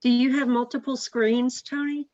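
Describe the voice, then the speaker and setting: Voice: high voice, little pitch movement, moderate pace, a little mellow, no room sound, dull audio. A participant on a video call asking a brief question.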